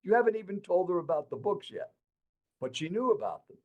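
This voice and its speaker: Talking a little fast in a high voice, an older man who speaks professionally recounts a life story on a podcast. The recording is rough, and he's lively, speaking directly to the listener as he narrates.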